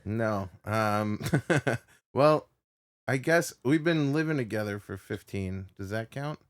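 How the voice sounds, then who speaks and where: A man's voice: on the low side, expressive, slow, no echo, clean studio sound. A man co-hosting a podcast, laid-back and laughing often in casual chat. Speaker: podcast co-host.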